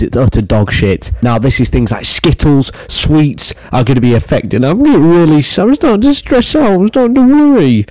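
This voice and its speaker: A man's voice: on the low side, warm tone, dry recording. A man giving a mock-angry, crude comedic rant, swearing often as he reacts to a story. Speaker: comedy commentary youtuber. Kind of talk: ranting comedic commentary.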